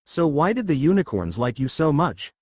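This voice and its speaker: A man voicing an easily scandalized teenage schoolgirl who speaks slowly and earnestly in a storybook reading. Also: a little high, very animated, dry recording, clean studio sound.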